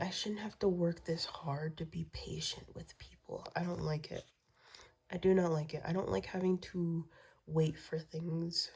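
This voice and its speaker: A woman's voice: lowish voice, warm tone, breathy edge. A woman venting in a rambling vlog rant, swearing a lot, repeating herself and dropping into whispers. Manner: profane, repetitive venting, drops to whispers. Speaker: vlogger.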